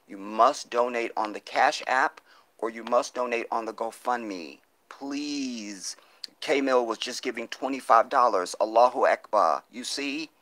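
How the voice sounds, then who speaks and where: A man's voice: mid-range voice, fairly bright tone, no echo. A man hosting a live stream, reading viewer comments and pleading for donations in an impassioned, profane way, on a phone mic. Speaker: livestream host.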